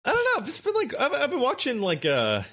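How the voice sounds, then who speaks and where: Animated, rambling young man. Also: very high-pitched, fast talker. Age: 20s. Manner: rambling, profane, excitable. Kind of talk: casual chat.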